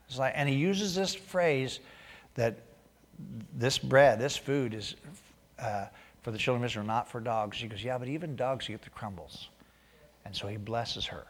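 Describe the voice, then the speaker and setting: A man preaching a sermon, reading scripture aloud and growing loud and emphatic as he drives points home. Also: medium pitch, lively intonation, normal speed, long reverb tail. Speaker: pastor.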